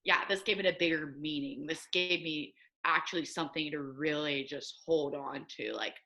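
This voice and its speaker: A young woman with a Midwestern accent, a podcast guest telling a lively story and acting out what people said. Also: normal speed. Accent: American Midwest. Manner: animated storyteller, acts out quotes with high excited pitch. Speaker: guest, assistant soccer coach. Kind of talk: casual storytelling interview.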